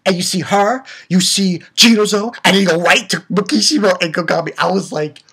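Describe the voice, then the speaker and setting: A man giving an excitable, profane casual recap of an anime episode, with lots of restarts. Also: high-pitched, normal speed, creaky, breathy edge. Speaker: anime reviewer.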